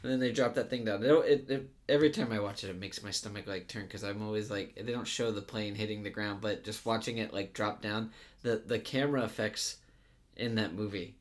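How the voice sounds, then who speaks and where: A man's voice: lowish voice, fairly even intonation, a little fast. A man co-hosting a casual talk about movies, rambling with lots of fillers and restarts. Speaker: podcast co-host.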